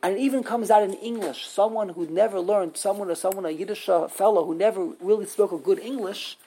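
Husky woman teaching a hebrew grammar class, stresses every syllable, says things twice. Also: medium pitch, warm tone, poor audio. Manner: emphatic, repeats words and sounds out syllables slowly. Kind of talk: classroom lesson.

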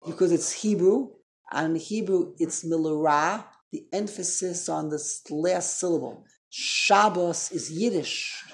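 Man teaching a lively Torah class. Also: on the high side, a little slow, creaky. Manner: conversational, quizzes the class, self-correcting.

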